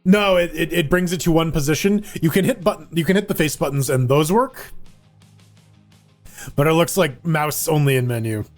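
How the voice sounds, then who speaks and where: A man co-hosting a live gaming podcast, rambling and joking excitably while playing. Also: a little high, normal speed, soft background music. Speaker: podcast co-host. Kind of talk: casual live gaming chat.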